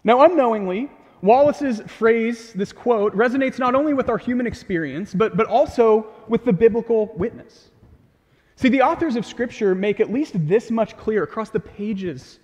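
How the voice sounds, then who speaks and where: A young man preaches in a church sanctuary, his voice sitting high for a man. He talks earnestly and with animation, turning to the congregation with questions. His words ring out with a long hall reverb. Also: darkish tone. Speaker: pastor. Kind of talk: sermon.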